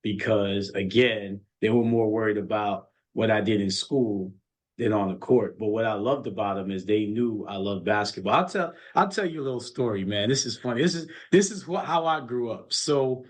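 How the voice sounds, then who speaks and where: A man's voice: fairly low pitch, normal speed. A middle-aged man, a college basketball coach, telling stories in an earnest, motivational way in casual chat.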